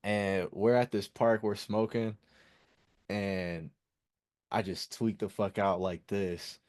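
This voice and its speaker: A young man, a musician guest, telling stories casually in a slangy, animated way. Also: lowish voice, takes it slowly. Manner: animated, slangy, acts out voices. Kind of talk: casual storytelling in an interview.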